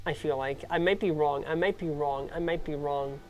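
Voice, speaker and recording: A woman VTuber streamer in casual live-stream chat, playful and giggly, swinging between squeaky highs and mumbled lows. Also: normal speed, darkish tone, faint music behind.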